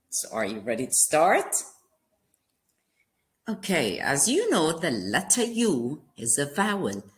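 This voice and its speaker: Slow-talking teacher woman, low voice. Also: fairly bright tone. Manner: spells words letter by letter and asks children questions. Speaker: kindergarten teacher. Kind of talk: slow phonics lesson for young children. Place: classroom lesson video.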